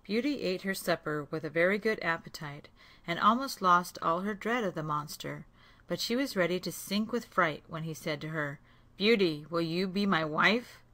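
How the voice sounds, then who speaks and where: A woman narrating a fairy tale aloud in a slow, clear reading voice. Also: fairly low pitch, animated, sharp tone.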